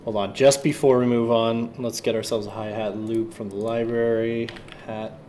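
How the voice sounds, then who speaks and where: A man's voice: mid-range voice, little pitch movement, moderate pace, mellow, slight background noise. A man livestreaming while he produces music, talking to himself and his chat in a loose, offhand way and swearing now and then. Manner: chatty running self-talk, swears offhand.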